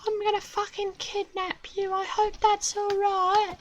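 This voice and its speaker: A streamer putting on a very high, squeaky voice as a gleeful, foul-mouthed kidnapper. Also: monotone, measured pace, fairly bright tone. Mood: manic glee. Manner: gleeful, profane.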